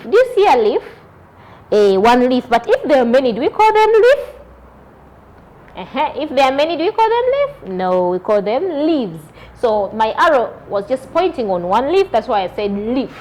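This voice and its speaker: Woman, primary teacher, high and animated, quizzing young kids, spells words aloud. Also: slight background noise. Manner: questioning, repeats and spells words out. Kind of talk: children's lesson.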